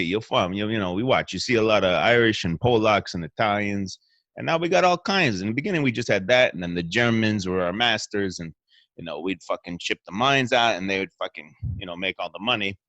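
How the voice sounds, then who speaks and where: Speaking from a hotel room, this male show host, whose accent is Northeastern Pennsylvania, wanders through a foul-mouthed comic monologue, restarting often. His voice sits on the low side and sounds a bit bright, with no room sound.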